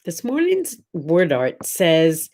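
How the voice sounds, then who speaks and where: A woman's voice: fairly low pitch, huge pitch swings, slow pace, a little mellow, slight background noise. A woman hosting her morning vlog from a room at home, chatting with viewers in an encouraging way and often asking them questions. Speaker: host. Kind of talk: casual morning vlog talk.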